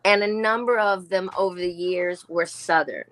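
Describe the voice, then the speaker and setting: A woman's voice: fairly low pitch, normal speed, a bit bright. A woman in her sixties, originally from Australia, talking as a guest actor in a casual interview and telling chatty stories full of quoted asides.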